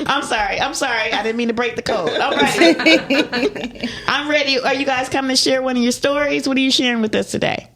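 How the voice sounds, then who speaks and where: A woman's voice: high-pitched, a little fast. A woman hosting a radio talk show in a studio, laughing easily and answering guests with short affirmations. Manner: giggly, warm affirmations. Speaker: host.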